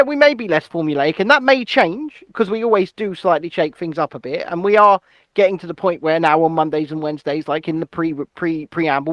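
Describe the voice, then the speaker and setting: High-voiced jokey male podcast co-host. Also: fairly bright tone, no echo, lo-fi sound. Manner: jokey, breaks into silly put-on voices and snatches of song. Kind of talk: casual chat.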